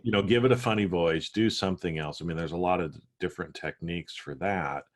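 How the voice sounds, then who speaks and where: This man co-hosts a casual podcast and talks in a calm, reassuring way. He fills his speech with "you know" and "um". His voice is exceptionally deep. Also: a little fast. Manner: reassuring, reflective, filler-heavy. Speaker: podcast co-host. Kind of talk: casual chat.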